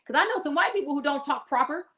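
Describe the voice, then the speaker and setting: A woman with a Californian accent talks in a lively, emphatic way, leaning into her points with frequent laughter. Her voice sits a little high. The recording has noticeable room echo. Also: fast talker. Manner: animated, emphatic, laughs often. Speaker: guest. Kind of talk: casual conversation. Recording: echoey room.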